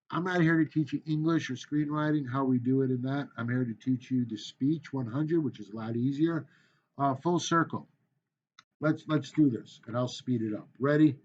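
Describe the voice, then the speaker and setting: Man, speech teacher, jokey classroom lecture, mid-pitched voice, muffled lo-fi sound. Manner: animated, chatty, jokey asides.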